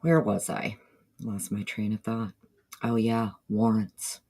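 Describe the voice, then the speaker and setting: She has a bass voice that's mellow and slightly rough, with a flat, slow delivery. A woman from the northeastern United States with a Southern drawl, she hosts a casual livestream, chatting and greeting viewers by name between thoughts.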